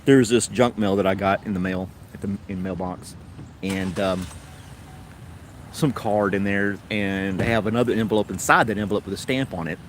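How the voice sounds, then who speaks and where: A man's voice: fairly low pitch, steady tone, normal speed, a little hiss or hum. A man with a Tennessee accent hosting a casual livestream chat, rambling along in an easygoing way. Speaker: host.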